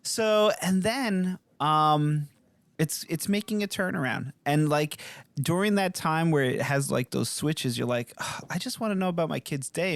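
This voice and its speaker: A man's voice: fairly high pitch, no room sound. A man co-hosting a parenting podcast, talking in a rambling, earnest way and laughing easily. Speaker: podcast co-host. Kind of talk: casual podcast chat.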